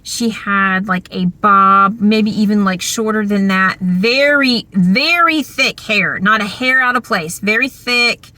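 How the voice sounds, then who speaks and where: A woman vlogger telling a story from her school days in a chatty, animated way, full of fillers. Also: mid-range voice, slow pace, hardly any pauses, dry recording. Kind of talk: casual storytelling.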